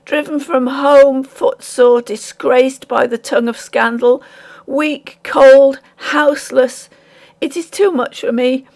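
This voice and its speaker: Woman reading a desperate young woman, pleading, earnest, slow, gravelly edge, storybook. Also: high-pitched, steady tone, darkish tone, voice pushed up.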